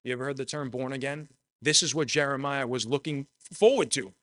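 A man's voice: mid-range voice, a little fast, a bit bright, no echo. A man preaching a sermon, earnest and personal, repeating phrases for emphasis. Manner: shares personal testimony.

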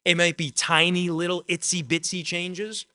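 A man's voice: sits high, little pitch movement, normal speed, sharp tone, dry recording. A man preaching a sermon, earnest and personal, repeating phrases for emphasis. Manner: shares personal testimony.

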